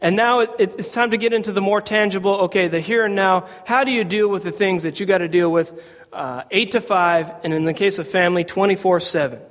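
A man, a pastor, preaching a sermon in a church and telling a family story in a relaxed, conversational way full of fillers and restarts. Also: high voice, brisk, in a large hall. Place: church sanctuary.

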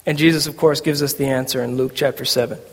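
A man's voice: mid-range voice, fairly even intonation, fast, slightly rough. A man preaching a sermon to a congregation, conversational and humorous. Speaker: pastor. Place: church sanctuary. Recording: long reverb of a church hall.

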